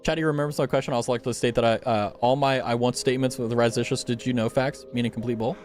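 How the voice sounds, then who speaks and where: A man's voice: mid-range voice, fairly even intonation, fast, a little mellow, soft background music. A man streaming a game, chatting casually and playfully stumbling through foreign words with frequent giggles. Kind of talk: casual live game commentary.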